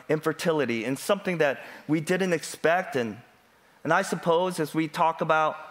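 A middle-aged male pastor preaching a sermon, moving between relaxed storytelling and emphatic, rising preaching. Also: on the high side. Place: church.

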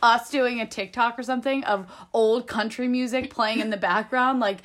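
A woman's voice: on the high side, steady tone, moderate pace, a bit bright. A young woman co-hosting a podcast in casual chat, teasing and joking in an upbeat way. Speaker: podcast co-host.

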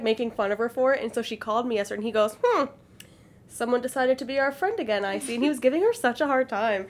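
A woman with a slightly high voice tells easygoing anecdotes among friends, unhurried and friendly in tone. The recording is clean and close. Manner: relaxed anecdote-telling with laughs. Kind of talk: casual chat.

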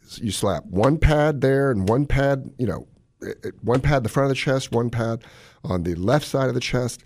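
A man who is a cardiologist, hosting a radio show and telling stories in a casual, animated way. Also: moderate pace. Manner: animated storyteller, lively pitch swings.

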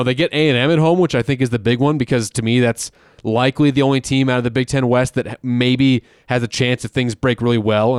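A man's voice: medium pitch, clean tone, no room sound, studio quality. A man co-hosting a casual sports podcast, talking in a conversational, opinionated way with frequent fillers. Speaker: podcast co-host.

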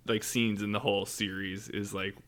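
A man co-hosting a casual podcast chat, agreeable and quick to laugh. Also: on the low side, little pitch movement, fairly bright tone. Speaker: podcast co-host.

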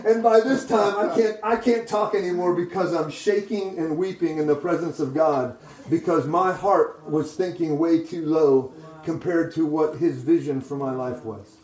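A male preacher with a fairly high, mellow, warm voice tells a sermon testimony in an echoey room. He keeps checking in with "okay?" and "right?", and his voice rises loud and excited as the story builds. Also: moderate pace. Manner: grows loud and excited while retelling.

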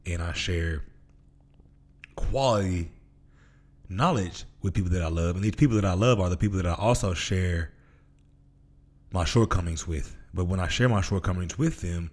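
A man's voice: deep voice, normal speed, pauses often, darkish tone. A man from Memphis, hosting a casual motivational podcast monologue in a laid-back, slangy way. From Memphis, Tennessee. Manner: laid-back, slangy, acts out voices in stories. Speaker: podcast host.

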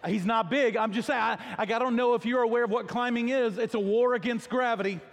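Male pastor, light high voice, self-deprecating storyteller, recorded in an echoey sanctuary. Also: steady tone, a little fast. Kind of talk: sermon.

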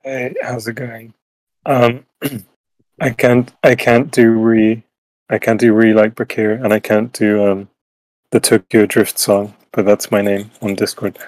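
A male guest chatting casually on a podcast in a put-on American accent, a little halting and self-deprecating. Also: fairly low pitch, level tone, a little mellow, no echo, low-quality recording.

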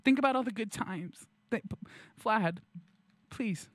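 A man's voice: high voice, a little slow, fairly bright tone, no room sound, pitched above the performer's own voice. A man playing a smug male empath in a comedy sketch, talking in a soothing, pleading, self-congratulating way.

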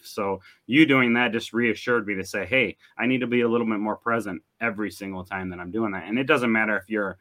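Male podcast host, low voice, earnest, repeats and restarts phrases. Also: fairly bright tone. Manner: earnest, repetitive, restarts often. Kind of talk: casual conversation.

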